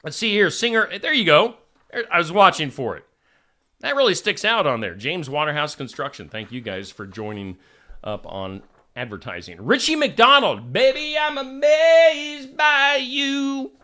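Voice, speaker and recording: Lively man hosting a live stream. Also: on the high side, normal speed. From Iowa. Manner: chatty, jokey, reads out viewer names. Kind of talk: casual live-stream chat.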